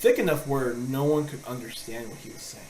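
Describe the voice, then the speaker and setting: A man co-hosting a podcast, telling stories in a casual, animated way and laughing often as he acts out quotes. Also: mid-range voice, a little fast, a little hiss or hum. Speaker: podcast co-host. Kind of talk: casual storytelling chat. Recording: roomy echo.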